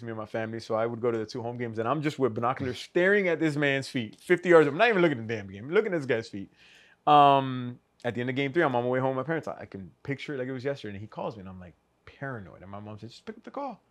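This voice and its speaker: A man, a podcast guest, telling a story in an animated, casual way, swearing freely and acting out the lines of the people in it. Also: medium pitch, rapid-fire. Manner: animated, swears, acts out quoted dialogue. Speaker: podcast guest, custom shoe artist.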